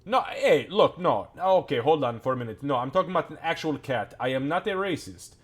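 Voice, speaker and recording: A man's voice: fairly low pitch, normal speed, close to an everyday voice. A man voicing a weary, officious male guard captain in a tabletop game who rambles and gets flustered.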